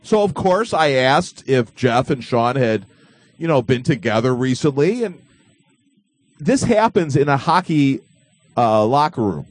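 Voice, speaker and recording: A man hosting a casual webcast, joking with callers in an excitable way. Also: mid-range voice, measured pace. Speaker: host.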